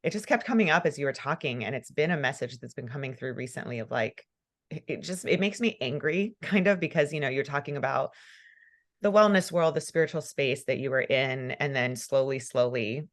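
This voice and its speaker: A woman's voice: extremely low pitch, fairly quick. A woman hosting a podcast interview, talking in an emotional, fervent way and laughing often. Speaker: podcast host. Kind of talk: casual conversational interview.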